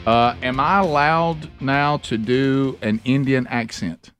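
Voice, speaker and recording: A man's voice: medium pitch, steady tone, slow, a bit bright, faint music behind. Middle-aged man hosting radio banter. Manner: storytelling, rambling with restarts. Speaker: radio show host. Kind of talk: casual comedic talk radio banter.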